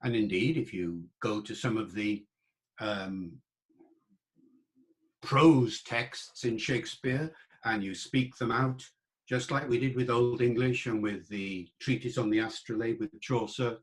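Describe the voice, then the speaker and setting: A man giving an online lecture on the English language at a middling pitch, explaining in a relaxed, conversational way. He chats to the listener with little asides and stops to sound out old pronunciations. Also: a little slow. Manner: demonstrates old pronunciations aloud.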